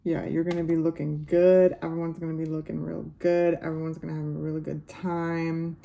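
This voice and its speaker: A woman giving a casual tarot reading to camera. She muses unhurriedly, uses many fillers and speaks warmly to her viewers. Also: low voice, level tone, a little fast, creaky. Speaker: tarot reader.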